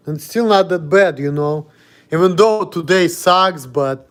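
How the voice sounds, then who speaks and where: A man's voice: a little high, a bit bright. Defiant man ranting at home. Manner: blunt, defiant, profane, laughs at himself. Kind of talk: casual vlog rant.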